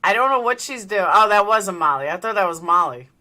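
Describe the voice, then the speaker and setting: A woman's voice: mid-range voice, animated, fairly quick, bright, forceful tone. A woman hosting a livestream, chatting loosely as she reacts to a live news feed. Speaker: livestream host. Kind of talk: casual live commentary.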